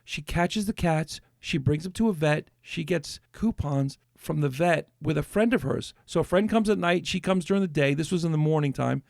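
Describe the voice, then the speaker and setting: Man, podcast host, gravelly, slightly high voice, rambling casual chat, dry close mic. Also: normal speed, hardly any pauses, a little mellow, no room sound. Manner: rambling storyteller with many restarts.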